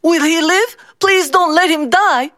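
A woman's voice: very high voice, measured pace, a bit bright, dry recording, studio quality, pitched above the performer's own voice. A woman voicing an anxious village mother who pleads tearfully and blames herself in a storybook reading. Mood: pleading.

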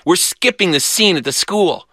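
A man's voice: high voice, lively intonation, moderate pace, sharp tone, dry recording, clean studio sound, voice pushed up, exaggerated voice. A man voicing a bossy, impatient older boy in a storybook reading, talking in curt orders.

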